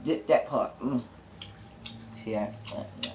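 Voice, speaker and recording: A woman with a very deep, slow, darkish voice chats playfully with her viewers as a mukbang vlogger, humming and chewing between bites of food. She addresses them directly in this casual eating-show talk. The recording has a roomy echo and slight background noise.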